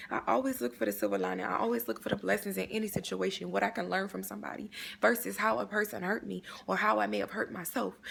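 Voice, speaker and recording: A woman's voice: mid-range voice, fairly bright tone. A woman giving an earnest, faith-based inspirational talk, repeating phrases for emphasis in a prayerful way. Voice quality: gravelly creaky voice. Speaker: inspirational vlogger.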